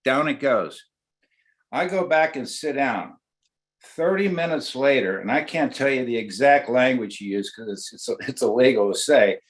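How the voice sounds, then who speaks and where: Older guy on a webinar, rambling chatty storyteller, middle-pitched voice. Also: lively intonation, normal speed. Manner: chatty anecdotal storyteller with many fillers and restarts. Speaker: guest, oral surgeon.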